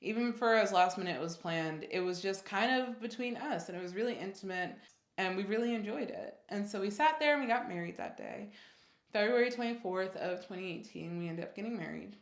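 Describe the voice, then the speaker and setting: A woman in her twenties telling a personal story casually, jumping high in pitch for quoted reactions. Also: lively intonation, fairly quick, roomy sound. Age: 20s. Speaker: vlogger.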